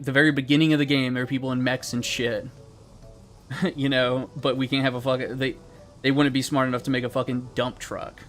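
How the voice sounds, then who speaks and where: A man's voice: mid-range voice, fairly bright tone. Profane, rambling young man streaming. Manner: rambling, profane, laid-back. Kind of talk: casual gaming stream chat.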